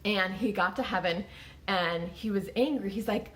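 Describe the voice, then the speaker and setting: A woman in her thirties telling her own story straight to the camera. She talks casually, full of fillers and quick restarts, at an average pitch. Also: a bit bright. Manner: conversational, lots of "like" and restarts.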